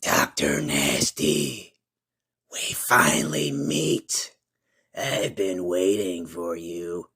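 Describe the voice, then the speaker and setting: A man doing a low, creeping Krampus. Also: animated, very slow, creaky, sharp tone, breathy edge, full character voice. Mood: menacing. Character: menacing male Krampus, slow and sinister.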